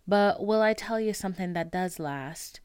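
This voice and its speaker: A woman reading the lines of a cold, ambitious older male Irish fiddler, slowly and half-whispered. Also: medium pitch, darkish tone, smooth, no echo, clean studio sound, natural voice.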